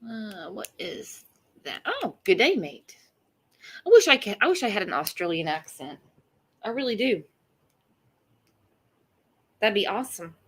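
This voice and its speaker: A woman's voice: medium pitch, big pitch swings, unhurried, pauses often, slightly rough. A woman hosting a casual true crime livestream, blunt and profane, greeting chat viewers by name.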